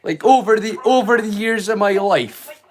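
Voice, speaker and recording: A Scottish man chats to his livestream viewers, swearing freely and breaking into laughter. His voice sits high for a man, and faint music plays behind him. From Scotland. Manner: rambling, sweary, quick to laugh. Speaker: livestream host. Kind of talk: casual chat.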